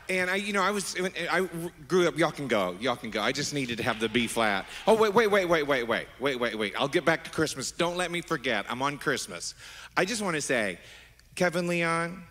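A middle-aged man preaching as a pastor, animated and affectionate, wandering into asides with his congregation. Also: fairly high pitch, moderate pace, long pauses, slight background noise. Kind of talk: sermon. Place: large church sanctuary. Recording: long hall reverb.

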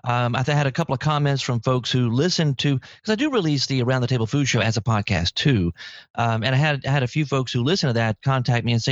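A man hosting a podcast in casual chat, lively and talkative, with sudden jumps in pitch. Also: fairly quick, no room sound. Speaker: podcast host. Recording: dry, slightly dull lo-fi audio.

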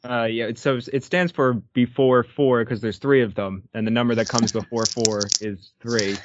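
A man's voice: medium pitch, fairly even intonation, moderate pace, a little hiss or hum. A man co-hosting a casual chat, joking and easygoing. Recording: dry lo-fi sound.

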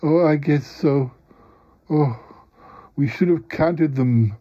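Speaking slowly in a slightly high voice, a man plays a timid, fretful male character who sounds shaken and dithers anxiously, saying "oh dear" again and again. The recording is roomy and dull, with loud noise.

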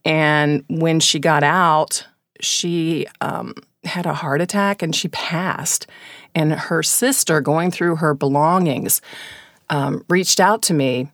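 A woman co-hosts a podcast and tells her stories quickly and plainly. Her voice sits low for a woman. The recording is dry and close. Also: steady tone, fairly bright tone, no room sound. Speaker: podcast co-host and former radio host. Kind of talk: casual podcast storytelling.

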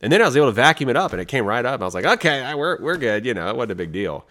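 A man co-hosting a podcast, telling stories in a casual, animated way and laughing often. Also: mid-range voice, racing. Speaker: podcast co-host. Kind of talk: casual storytelling chat.

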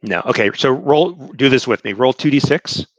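A man narrating a tabletop game as game master, talking haltingly with many restarts while he describes the scene. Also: medium pitch, dry recording, rough recording.

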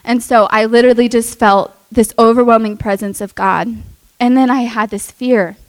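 A young adult woman telling a personal testimony in an earnest, emotional way, with many fillers and soft laughs. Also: on the high side, steady tone, moderate pace, no room sound, poor audio. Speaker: speaker sharing a testimony.

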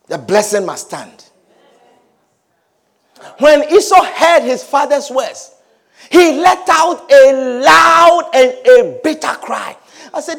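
High pitched male preacher, very lively, keeps repeating lines, loud then soft. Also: takes it slowly, vocal fry, pauses often. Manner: repetitive, emphatic, swings from shouts to low murmurs. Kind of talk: sermon.

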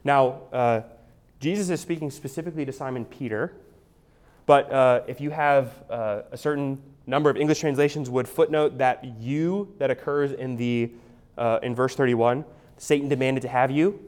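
A man delivers an expository sermon at a middle pitch. He teaches conversationally, restarting phrases and checking in with his listeners. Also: moderate pace, a little mellow. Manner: conversational teaching, frequent restarts, asks "right?". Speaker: pastor.

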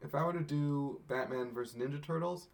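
A man's voice: a little high, a little fast. A man co-hosting a casual movie podcast, eagerly retelling fight scenes beat by beat. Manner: excited play-by-play retelling, quoting characters. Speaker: podcast co-host.

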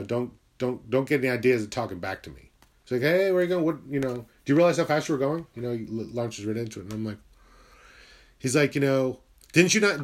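A middle-aged man hosting a podcast, telling a rambling story with lots of swearing and acted-out quotes. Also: medium pitch. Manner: profane, animated, acts out quoted voices. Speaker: podcast host. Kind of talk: casual storytelling monologue.

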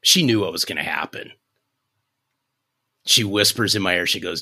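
A man in his fifties, a sales coach guest on a podcast, telling a story in an animated, folksy way. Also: deep voice, moderate pace, breathy edge. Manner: animated, restarts sentences, folksy.

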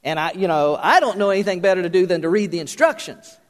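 A man's voice: sits high, expressive, quick pace. Older man preaching in a reverberant hall. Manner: folksy, joking, with many fillers and restarts. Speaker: pastor. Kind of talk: sermon.

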